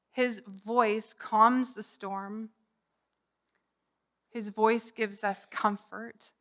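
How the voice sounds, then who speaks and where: A woman's voice: mid-range voice, sharp tone. A middle-aged woman preaching a sermon in a conversational way, lifting her voice for quoted cries. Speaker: pastor.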